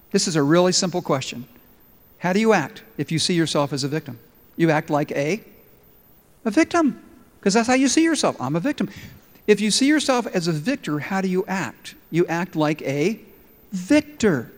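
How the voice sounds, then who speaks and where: A man preaching a sermon with emphasis, telling stories as he goes. His voice sits a little high for a man. His words trail off into a long hall reverb. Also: sing-song, normal speed, long pauses. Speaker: pastor.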